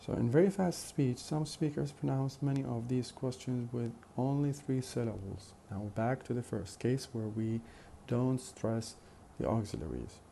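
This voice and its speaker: Slow, gravelly-voiced male lecturer. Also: mid-range voice, expressive, dark tone, a little hiss or hum. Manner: slow, methodical, with frequent uh fillers and repeated examples. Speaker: phonetics lecturer. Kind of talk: recorded lecture.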